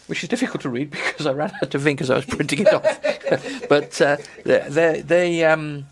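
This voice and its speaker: A man's voice: on the high side, over a noisy crowd. A man hosting a radio food and travel show, chatting casually with lots of ums and restarts. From England. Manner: halting, many ums and restarts. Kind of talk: rambling casual radio chat.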